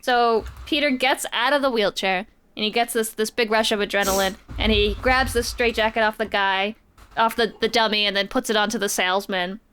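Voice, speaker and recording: A woman's voice: mid-range voice, steady tone, fairly quick, a bit bright, a little hiss or hum. A woman casually recapping a comic book story on a podcast, chatty and playful, slipping quoted lines into her retelling. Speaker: podcast co-host.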